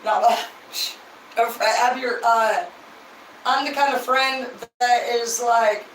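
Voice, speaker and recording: A woman's voice: fairly high pitch, fairly even intonation, slow, a bit bright, slight background noise. A tipsy woman chatting casually to viewers on a livestream, rambling, gushing and swearing freely. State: tipsy from drinking. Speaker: livestream host. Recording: roomy, distant mic, faint ambience.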